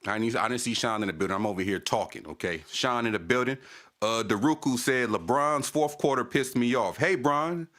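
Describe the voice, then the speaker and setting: A man's voice: mid-range voice, fairly quick, fairly bright tone. Casting note: a male stream host in a heated, profane casual rant, repeating his points. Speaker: channel host.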